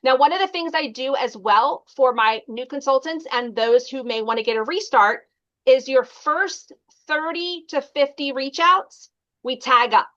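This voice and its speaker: A woman's voice: sits high, a little slow, fairly bright tone, dull audio. A woman leading a casual sales training call, chatty and encouraging, with frequent ums and likes. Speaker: sales team leader training consultants.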